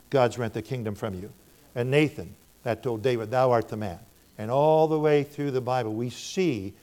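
A man's voice: medium pitch, dark tone. An older American man preaching, telling stories from his ministry and acting out both sides of the conversations. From United States. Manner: storytelling, acts out both sides of conversations in a raised voice. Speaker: minister speaking to a church. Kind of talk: preaching testimony.

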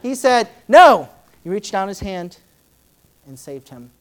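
A woman preaching a sermon in a conversational way, with many fillers, who acts out Bible scenes with sudden loud, high outbursts. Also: big pitch swings, measured pace. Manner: dramatic, acting out Bible scenes in shifting voices.

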